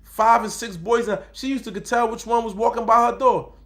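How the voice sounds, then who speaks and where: A man's voice: very high-pitched, fairly even intonation, a little fast, fairly bright tone. A middle-aged man telling stories in casual street slang, acting out the voices of people he quotes. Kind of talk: casual storytelling talk.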